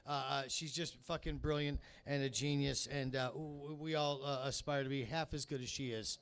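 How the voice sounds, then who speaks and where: A man hosting a comedy night, telling a joke and introducing acts in a rambling, halting way. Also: medium pitch, fairly even intonation, a bit bright, clear, resonant tone. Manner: rambling, halting with many fillers. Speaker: comedy show host. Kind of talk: stand-up and emceeing. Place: comedy club stage.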